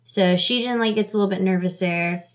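Animated laughing woman co-host. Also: medium pitch, a little fast. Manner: animated, laughs often, acts out lines. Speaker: podcast co-host. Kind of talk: casual chat recapping a drama episode.

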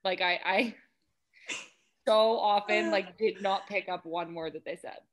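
A young American woman in a casual interview, answering in a relaxed, rambling way with hesitant fillers. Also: mid-range voice, measured pace. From United States. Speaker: guest, athlete.

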